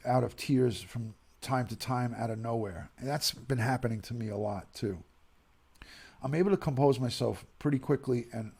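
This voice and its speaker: A grieving middle-aged man from the United States, soft-spoken and near tears as he reads viewer messages on a livestream. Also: medium pitch, gravelly, breathy edge. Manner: soft-spoken, emotional, pauses and sighs. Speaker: streamer reading viewer messages. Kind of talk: emotional livestream reading.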